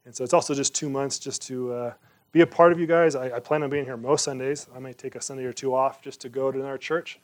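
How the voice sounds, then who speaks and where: Talking fast in a steady, mid-range voice, a pastor delivers a sermon. He's earnest and conversational, poses rhetorical questions, and closes by praying fervently.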